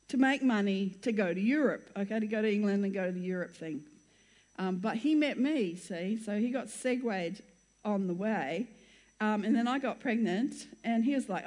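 A woman's voice: a little high, a little mellow. An older woman telling her life story as a church testimony, chatty and rambling, often breaking off mid-sentence and laughing. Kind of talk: chatty personal storytelling to an audience.

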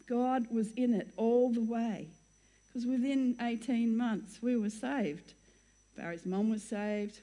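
An older woman speaks with a slightly high voice as she shares a personal testimony with a gathering. She rambles and keeps interrupting herself with chatty asides and laughs. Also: warm tone. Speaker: church speaker sharing her testimony. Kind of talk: chatty personal storytelling to an audience.

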